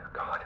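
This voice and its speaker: A man's voice: bright, forceful tone, a little hiss or hum. An actor playing a nervous man confessing in a recorded game log, heard distant and echoey. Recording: echoey, played in game from afar.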